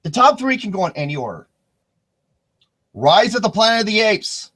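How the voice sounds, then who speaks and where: A man hosting a casual podcast chat, excitable and rambling, swearing freely. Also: sits high, normal speed. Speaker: podcast host.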